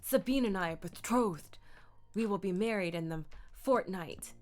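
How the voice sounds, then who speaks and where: A woman's voice: mid-range voice, unhurried, close to an everyday voice. A woman voicing a naive young male innkeeper who is easily swayed, talking in a startled, questioning way. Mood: earnest.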